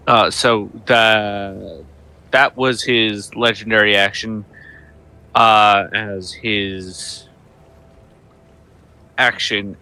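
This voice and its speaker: A man playing in a live tabletop game, describing his character's actions slowly with many fillers and restarts. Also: on the low side, vocal fry, sharp tone. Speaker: player.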